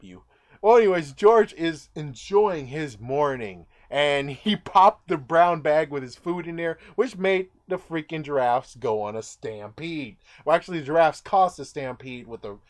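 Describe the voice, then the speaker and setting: A man's voice: a little high, a little mellow. A man casually recapping a movie in a rambling way, now and then acting out the characters' lines. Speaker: movie reviewer.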